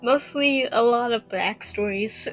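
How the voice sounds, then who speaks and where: A woman's voice: a little high, slow pace, faint music behind, low-quality recording. Giggly young woman host. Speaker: podcast host. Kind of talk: casual chat, giggly.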